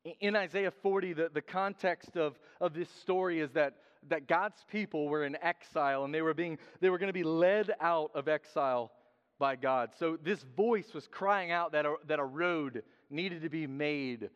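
A man preaching a sermon in a lively, joking way, acting out quotes in different voices. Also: fairly high pitch, moderate pace, clear, resonant tone. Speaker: pastor. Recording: dull sound with long hall reverb.

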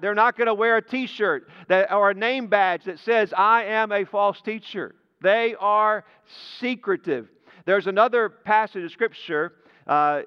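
A pastor in a church sanctuary preaches in a high, smooth voice at a slow, measured pace. He leans on key words and lets each phrase sink low at its end. The sound is dull and lo-fi, with a long reverb tail from the hall. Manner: deliberate, emphatic preaching that drops low at phrase ends. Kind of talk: sermon.

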